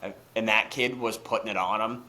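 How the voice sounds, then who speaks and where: A young man co-hosting a podcast in casual chat, excitable and swearing freely, rambling through restarts. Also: fairly low pitch, brisk. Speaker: podcast co-host.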